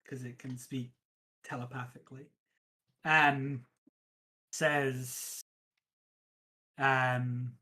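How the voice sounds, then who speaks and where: Casting: a slow-talking game master, halting, filler-heavy, counting down out loud. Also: medium pitch, flat delivery, poor audio. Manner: hesitant, many ums, counts aloud. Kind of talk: running a one-on-one tabletop game.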